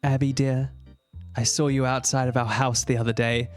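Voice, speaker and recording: A woman voicing a gentle, worried mother who speaks softly and calmly to her daughter. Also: rumbling low, normal speed, faint music behind, voice pushed down. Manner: soft, calm, pleading.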